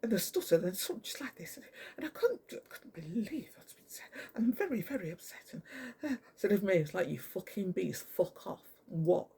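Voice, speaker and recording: Husky, gravelly ranter. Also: medium pitch, big pitch swings, brisk, darkish tone. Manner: angry, profane, rambling. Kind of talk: ranting monologue to camera.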